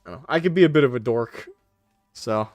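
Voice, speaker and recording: A man's voice: medium pitch, animated, brisk, a little mellow, no room sound, soft background music. Laughing young man reading chat. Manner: laughs often, self-deprecating, swears casually. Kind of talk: casual live-stream chat.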